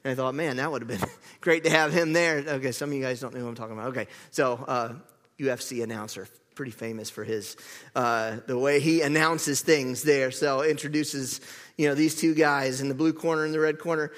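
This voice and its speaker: A man's voice: mid-range voice, steady tone, brisk, fairly bright tone, big-room sound. A man preaching a sermon, chatty and self-correcting, joking with the congregation. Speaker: pastor. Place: church sanctuary.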